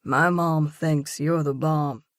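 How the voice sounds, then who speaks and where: A woman reading an audiobook and voicing a grounded young man who talks in a calm, encouraging, lightly teasing way. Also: sits low, slow, dry recording, clean studio sound. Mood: coaxing. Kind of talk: audiobook dialogue.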